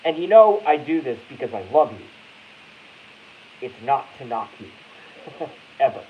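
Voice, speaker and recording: A man's voice: medium pitch, sing-song, a little slow. Profane rambling man hosting a live stream. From Boston. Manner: rambling, profane, self-interrupting. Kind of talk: casual ranting live stream. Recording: dull lo-fi audio with faint hiss.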